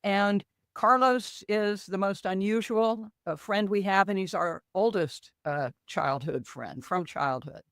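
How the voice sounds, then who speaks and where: A woman's voice: medium pitch, measured pace, hardly any pauses, no room sound, studio quality. An older woman, a podcast guest who tells stories animatedly and acts out quoted dialogue. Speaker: co-author guest. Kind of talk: conversational podcast interview.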